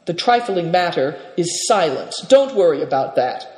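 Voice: medium pitch, expressive, moderate pace, darkish tone, lightly acted. A storyteller voicing a shrewd, jovial male trader who bargains with sly courtesy. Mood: sly, genial. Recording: reverberant, echoey room.

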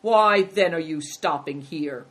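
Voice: mid-range voice, slow pace, a bit bright. A narrator voicing a surly man who growls dismissive remarks.

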